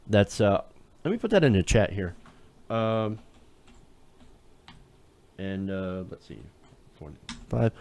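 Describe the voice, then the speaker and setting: On a live political talk show, a man with a clean, mid-range voice and no room sound reacts to clips. He keeps the live-stream commentary casual and loose, sarcastic throughout and laughing at what he watches.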